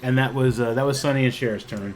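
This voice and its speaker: A man running a tabletop game as dungeon master, talking casually with many pauses and fillers. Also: medium pitch, steady tone. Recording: noisy home recording.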